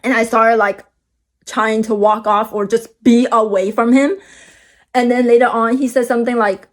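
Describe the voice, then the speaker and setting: A young woman telling a long storytime vlog, rambling with many "like"s and restarts, and getting animated at the exciting parts. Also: quick pace. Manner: animated, jumps high when excited. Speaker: vlogger.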